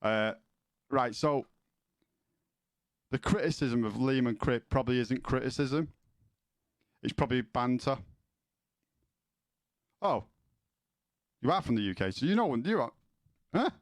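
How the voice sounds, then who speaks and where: A man's voice: medium pitch, lively intonation, unhurried, pauses often, no echo, clean studio sound. Rambling man chatting to stream. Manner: rambling, many restarts, asks chat questions. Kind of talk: casual chat with viewers.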